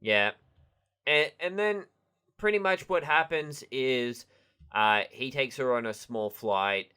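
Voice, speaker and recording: A man co-hosting a casual podcast, recapping an episode haltingly with fillers. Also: mid-range voice, lively intonation, pushed and bright, clear, resonant tone. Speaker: podcast co-host.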